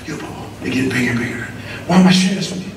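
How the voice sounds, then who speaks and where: High-voiced man hyping a big echoey hall. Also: rapid-fire. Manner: energetic, slangy, call-and-response with the crowd. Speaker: motivational speaker. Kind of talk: school assembly motivational speech. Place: large echoey school auditorium. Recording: very echoey hall, distant mic, noisy.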